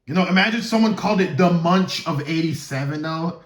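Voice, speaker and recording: Speaking fairly quickly in a fairly high voice from an echoey room, a gaming YouTuber casually explains the plot of his own fan game series. He has no script, so he rambles, stumbles, and jokes to himself along the way.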